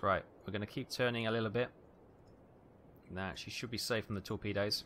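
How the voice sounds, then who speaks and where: A man giving tense, excitable live commentary on a naval battle game, calling out ranges and fire orders. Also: lowish voice, a little fast, pauses often, a little hiss or hum. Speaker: gameplay commentator.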